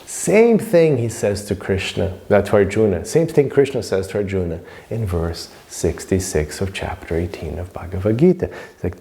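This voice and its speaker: A man teaching a scripture class in an informal lecture, emphatic and repetitive, sometimes dropping to a soft hush. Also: low voice, lively intonation, moderate pace, hardly any pauses.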